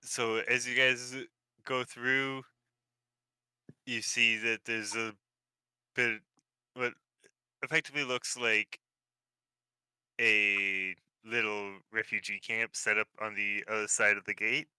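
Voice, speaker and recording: A man narrating as game master of a tabletop game, relaxed and hesitant with many fillers. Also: lowish voice, slow pace, pauses often, smooth, no room sound, rough recording.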